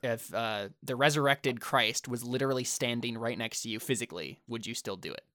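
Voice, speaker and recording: Young male co-host, thoughtful, casual, dry close sound, rushes then fades. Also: medium pitch, no room sound. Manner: thoughtful, speeds up in bursts, trails off quietly. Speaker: podcast co-host. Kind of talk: casual chat.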